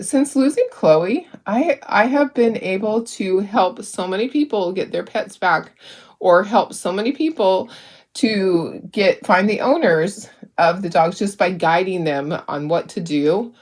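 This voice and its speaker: Middle-aged lady on her craft stream, chatty and emotional, keeps restarting sentences. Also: medium pitch. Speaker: craft channel host. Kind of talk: casual livestream chat while crafting.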